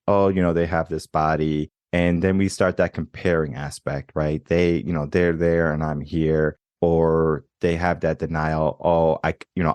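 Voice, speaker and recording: A young man hosts a coaching podcast in a reflective, storytelling way. His voice sits very low, and the sound is dry and close with no room around it. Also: a little mellow, no echo. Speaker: podcast host. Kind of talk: casual interview chat.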